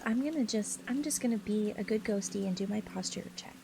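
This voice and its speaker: A woman streamer chatting playfully with her live audience, laughing often and squealing high when flustered. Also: brisk, vocal fry, hardly any pauses, poor audio. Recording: steady rain noise in the background. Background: rain.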